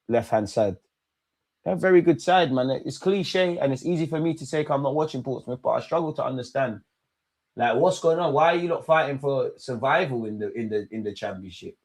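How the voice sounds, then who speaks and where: A man streaming a live football watchalong, excitably shouting at players and the referee and bantering with his chat. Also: mid-range voice. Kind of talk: live match reaction commentary.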